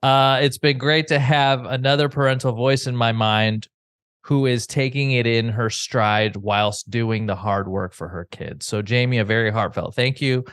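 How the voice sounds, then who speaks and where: A male podcast host reading listener letters aloud, halting and hesitant over names. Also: medium pitch, steady tone, a bit bright, clean tone, dry recording, clean studio sound.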